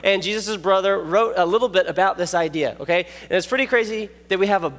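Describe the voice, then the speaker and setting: A man preaching a youth sermon, animated and jokey, telling stories and checking in with the listeners. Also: high-pitched, fast talker. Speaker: youth pastor. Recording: long echoey hall reverb.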